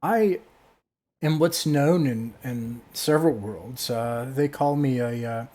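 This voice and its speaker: A man voicing a grand, ancient female witch queen who speaks in a booming, stately way. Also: slow pace, warm tone, lightly acted. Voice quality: echoing, booming.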